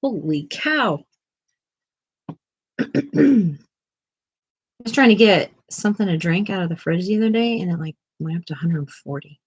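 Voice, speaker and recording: A woman's voice: fairly low pitch, fast, few pauses, breathy edge, no room sound, low-quality recording. A woman co-hosting an art channel, chatting casually at home, out of breath and exclaiming. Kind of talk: casual chat.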